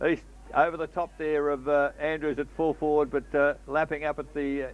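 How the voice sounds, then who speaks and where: A man's voice: on the high side, little pitch movement, brisk. A man with an Australian accent calling a local football match, talking casually and filling gaps with "uh" between plays. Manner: conversational, slips in fillers between play calls. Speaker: football commentator. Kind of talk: local radio football commentary. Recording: dull lo-fi broadcast audio.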